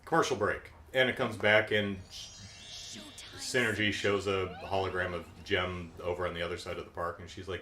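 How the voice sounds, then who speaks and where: A middle-aged man with a deep voice, hosting a casual, keyed-up reaction commentary on a cartoon. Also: moderate pace, reverberant. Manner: animated, keyed-up, jumps into silly voices. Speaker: podcast host.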